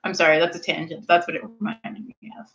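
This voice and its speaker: A woman in her thirties hosts a relaxed chat with her viewers, a little tipsy and prone to rambling tangents. Her voice sits fairly low but sounds bright and forceful. The audio is dull and lo-fi. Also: fast. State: slightly tipsy. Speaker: streamer hosting a snack review.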